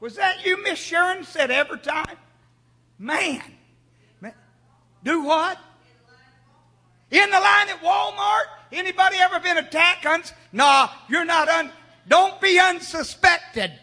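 A man preaching a sermon, calling on the congregation to answer him and rising to shouts. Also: extremely high pitch, unhurried, long pauses, in a large hall. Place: church sanctuary.

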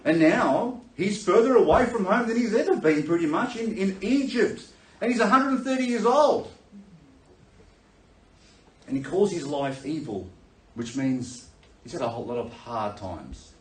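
A man's voice: sits high, a little slow. Guy preaching, storytelling, does little voices, mic a bit far off in a roomy echoey space. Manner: animated storytelling, acts out voices with laughter. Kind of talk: sermon. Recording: echoey room, voice from a distance.

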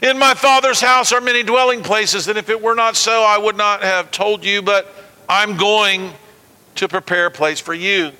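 A man preaching a sermon, animated and calling on the congregation to repeat words back to him. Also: high voice, moderate pace. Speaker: pastor. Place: church sanctuary. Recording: long reverb of a large hall.

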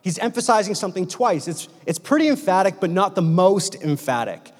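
A man's voice: high voice, big pitch swings, a little fast. A young man preaching a sermon in a church hall, casual and joking, with slang.

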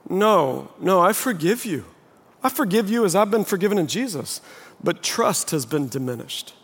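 A male pastor in his forties preaching a sermon, animated in his storytelling, acting out what people say, then praying in a soft, low voice. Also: a little fast, hardly any pauses. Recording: long reverb from a large hall.

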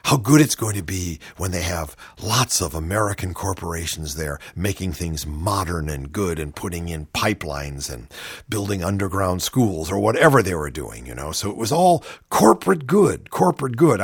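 A man's voice: low-pitched, breathy edge, no echo, clean studio sound. A male radio comedy host giving wry, rambling political commentary. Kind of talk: casual political chat.

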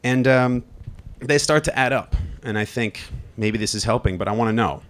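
A man's voice: mid-range voice, normal speed, fairly bright tone. A man from Long Island telling a personal story live, candid and wry, swearing freely. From Long Island, New York.

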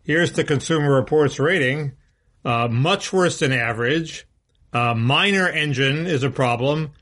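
A man's voice: on the high side, measured pace, a bit bright. A man co-hosting a casual political podcast, talking bluntly and restarting his sentences often. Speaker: co-host.

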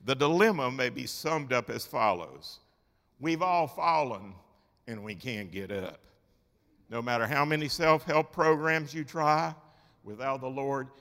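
A man preaching a sermon, emphatic, swinging between loud declarations and quiet asides. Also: mid-range voice. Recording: long hall reverb.

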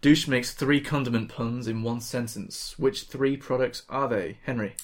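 A man hosting a casual podcast quiz, reading questions slowly and laughing often. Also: mid-range voice, steady tone. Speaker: quiz host.

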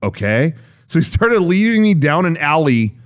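A man's voice: fairly high pitch, sing-song, moderate pace. A man co-hosting a comedy podcast, telling a story and acting out other people's lines in exaggerated voices. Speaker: podcast co-host.

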